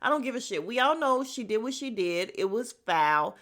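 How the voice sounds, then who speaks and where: A woman with a somewhat high voice hosts a casual recap podcast, talking candidly and bluntly with plenty of swearing. She wanders into tangents and speaks straight to her listeners. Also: animated, normal speed, a bit bright. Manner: candid, gossipy and blunt, with frequent profanity; drifts into tangents and self-aware asides to listeners. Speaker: podcast host recapping a reality show.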